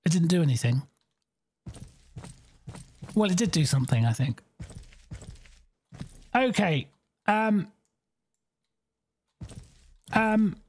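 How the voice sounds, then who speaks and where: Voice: mid-range voice, sing-song, slow, pauses often, a little mellow. A game streamer gives bemused live commentary, thinking aloud and exclaiming at what happens.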